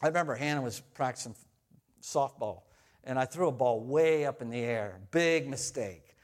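A middle-aged man preaching a sermon, telling family stories in a conversational way, rising to loud exhortation and falling to soft, tender asides. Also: mid-range voice, moderate pace. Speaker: pastor.

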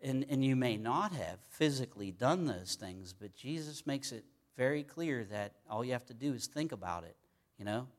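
A man's voice: mid-range voice, animated, moderate pace. Conversational man preaching a sermon. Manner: conversational, folksy, with many fillers and repeated words.

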